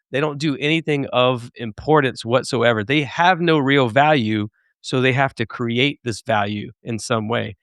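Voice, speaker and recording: A man's voice: medium pitch, a bit bright, no echo, studio quality. A man speaking as a podcast guest on a video call, emphatic and scornful, repeating phrases for stress. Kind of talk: casual conversation on a podcast.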